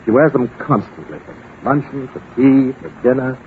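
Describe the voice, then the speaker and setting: A man's voice: mid-range voice, moderate pace, a little hiss or hum, lightly acted. A man playing a flustered, fussy English aristocrat in a 1940s radio drama, blustering and chuckling. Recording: tinny old 1940s radio broadcast.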